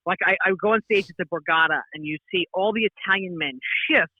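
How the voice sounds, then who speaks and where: A woman's voice: fairly low pitch, quick pace, no echo. A woman comedian chatting as a podcast guest, telling stories with many restarts. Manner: rambling, animated storytelling with frequent restarts and laughs. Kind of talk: casual podcast chat. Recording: tinny phone-like line, dry.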